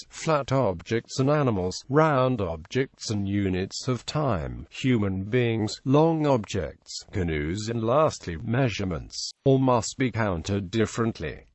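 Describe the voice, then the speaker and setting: A man reads an encyclopedia article aloud at an unhurried pace, his pitch rising and falling a good deal. He spells out words letter by letter in an even, read-aloud manner. The sound is dry, with no room around it. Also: no room sound. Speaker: narrator.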